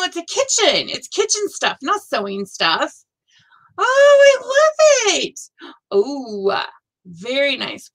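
A woman's voice: on the high side, a bit bright, husky, low-quality recording. A woman hosting a casual live stream, thinking aloud and gushing with frequent exclamations. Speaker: host of a live stitching show.

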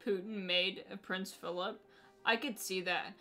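A woman's voice: medium pitch, fairly even intonation, measured pace, bright, forceful tone. Profane, blunt woman streamer with faint music. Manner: profane, blunt and teasing, with a lot of filler "like". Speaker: live streamer. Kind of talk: casual live-stream chat, reacting to viewer messages.

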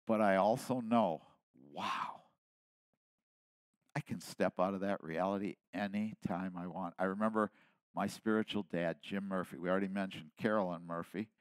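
A man in his seventies preaching a sermon with passion, dropping to quiet asides and then rising to loud emphasis. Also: low voice, a little slow, dry recording. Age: 70s. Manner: impassioned preaching, swinging between soft asides and loud emphasis. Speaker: pastor.

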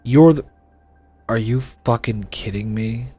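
A man's voice: medium pitch, unhurried, dark tone, husky, highs cut off. A young man hosting casual gameplay commentary, sarcastic and full of swearing and jokes into a desk microphone. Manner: profane, sarcastic, joking. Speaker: let's play host.

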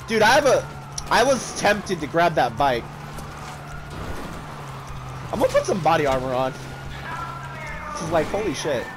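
A young man casually commentating a multiplayer game with friends, loud and excitable, swearing often and breaking into shrieking laughs. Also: fairly high pitch, measured pace, pauses often, over music. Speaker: gaming streamer.

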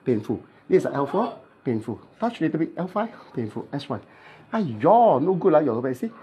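A chiropractic therapist with a Malaysian English accent, instructing a client in clipped, playful phrases during treatment and mimicking cracking sounds. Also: male voice, on the high side, very animated, a little fast, dark tone, a little hiss or hum.

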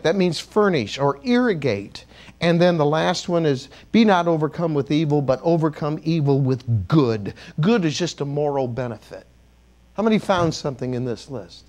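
Humorous preacher man with a lively high voice. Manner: humorous, calls on the congregation to repeat words. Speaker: bishop. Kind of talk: sermon. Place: church.

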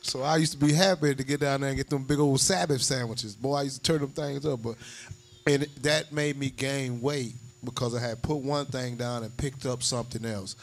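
A man from the congregation sharing a personal testimony in a halting, conversational way. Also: medium pitch, fairly even intonation.

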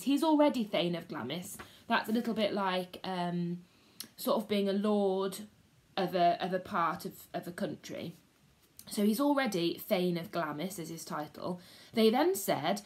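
A woman teacher, reading a story aloud to a class and pausing to explain it casually. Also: mid-range voice. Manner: slow, expressive storytelling with casual asides.

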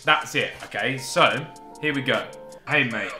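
A man's voice: mid-range voice, measured pace, bright, forceful tone, very echoey, faint music behind. A young man making a brash, playful vlog, swearing and counting down. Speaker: YouTuber. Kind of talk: casual vlog commentary.

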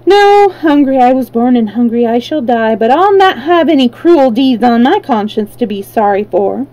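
A woman's voice: on the high side, animated, moderate pace, warm tone, highs cut off, natural voice. A woman voicing a huge hungry tiger who reasons earnestly about not eating anyone. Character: hungry tiger with a gentle conscience.

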